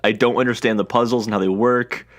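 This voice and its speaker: A man co-hosting a gaming podcast, talking in a laid-back, self-deprecating way. His voice is middle-pitched, and he keeps the back-and-forth easy and casual. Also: fairly even intonation, fast talker, no room sound, studio quality. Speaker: podcast co-host.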